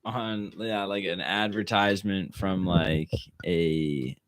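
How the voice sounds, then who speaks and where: A young man from Maryland talks as a podcast guest in a low voice. He rambles in a relaxed way, filling his sentences with "like". The recording is dry and close. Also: takes it slowly, no echo. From Maryland, USA. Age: young adult. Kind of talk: casual chat.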